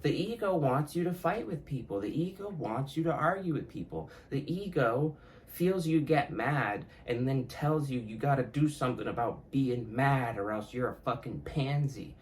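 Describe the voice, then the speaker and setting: This young podcast host speaks solo with a mid-range, expressive voice at a normal speed. He's casual and reflective, swears often, and laughs frequently, though the audio quality is poor.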